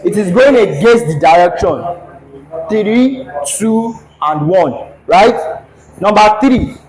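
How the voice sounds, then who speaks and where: A man's voice: high-pitched, animated, takes it slowly, darkish tone, low-quality recording. A man teaching a classroom engineering lecture at a board, who keeps repeating his questions so the students will answer.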